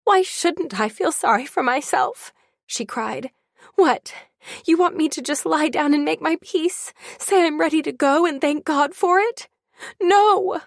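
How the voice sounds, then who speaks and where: A woman's voice: fairly high pitch, animated, a little slow, gravelly, slightly rough, no echo, clean studio sound, exaggerated voice. A woman voicing a dying mother who screams and cries in bitter despair, in an audiobook. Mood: anguished screaming. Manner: screaming, anguished. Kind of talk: audiobook character voice.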